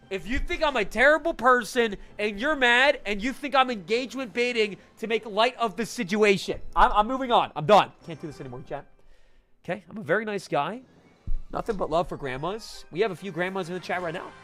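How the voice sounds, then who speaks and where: A high-pitched man talking to his stream chat in a quick, casual way. He drops into low mumbles, then bursts into loud protests. Soft music plays behind him. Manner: animated, swings from mumbled asides to loud protests.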